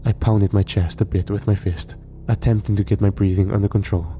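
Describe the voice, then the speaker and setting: A man narrating a horror story in a measured storytelling manner. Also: lowish voice, fairly even intonation, mellow, faint music behind.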